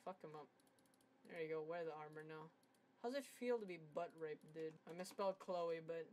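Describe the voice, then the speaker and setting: A young woman giving casual gameplay commentary, swearing and trash-talking rivals crude and loud, with bursts of laughter. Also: low voice, moderate pace, a little hiss or hum. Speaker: gaming commentator.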